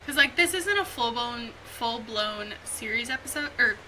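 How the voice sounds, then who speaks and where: A woman's voice: fairly high pitch, expressive, moderate pace, sharp tone, a little hiss or hum, low-quality recording. A young woman co-hosting a book podcast, chatting casually and getting giggly and tipsy. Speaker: podcast co-host. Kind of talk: casual chat.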